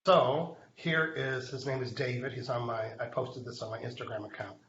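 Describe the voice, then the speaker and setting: A man's voice: mid-range voice, fairly even intonation, normal speed, a bit bright, reverberant, lo-fi sound, slight background noise. A man hosting a live online show, telling a story in a chatty way and speaking straight to viewers. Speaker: host.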